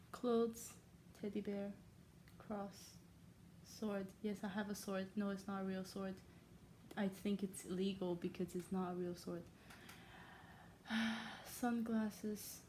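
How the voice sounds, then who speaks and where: Mellow-voiced woman with a made-up blended accent. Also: mid-range voice, little pitch movement, slow, slight background noise. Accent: self-made blend of Irish, American and Chinese. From China. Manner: playful, scattered, self-mocking, trails off often. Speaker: vlogger. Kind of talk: casual rambling monologue. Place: her own room.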